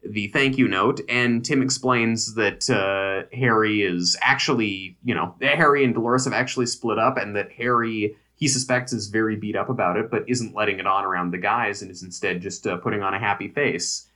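A man's voice: fairly low pitch, normal speed, hardly any pauses, bright, forceful tone. A man co-hosting a podcast, recapping a sitcom in casual chat with wry joking asides. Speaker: podcast co-host.

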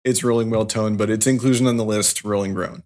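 A man co-hosting a podcast, giving measured opinions in casual chat and thinking aloud. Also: fairly low pitch, fairly even intonation, a little mellow. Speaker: podcast co-host.

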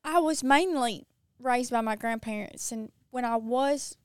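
A woman's voice: on the high side, measured pace, smooth, no room sound, studio quality. A middle-aged woman with a Mississippi Southern accent, chatting casually as a podcast guest and laughing often. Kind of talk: casual chat.

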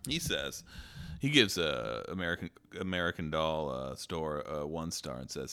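A man's voice: rumbling low, lively intonation, normal speed, bright, forceful tone, smooth. A man co-hosting a comedy podcast, joking in casual chat and laughing often. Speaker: podcast co-host.

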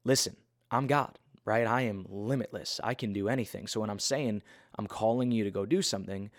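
A man's voice: lowish voice, a little fast, no echo, clean studio sound, natural voice. A man voicing God as a casual, self-assured, slightly smart-alecky deity in a retold Bible story. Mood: reassuring. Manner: breezy, reassuring, a bit smart-alecky.

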